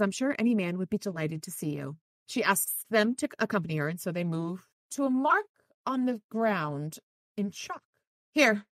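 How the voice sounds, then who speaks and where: In a recording with no echo, a woman with a medium-pitched, fairly bright voice casually recaps a novel on her podcast. She reads quotes aloud with light voices and drops in chatty asides.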